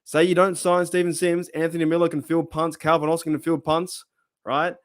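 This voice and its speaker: Chatty man with a smooth, higher voice. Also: flat delivery, moderate pace, no echo, studio quality. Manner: rambling, thinks aloud with many asides and "right?". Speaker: sports YouTuber. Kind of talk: casual solo video commentary.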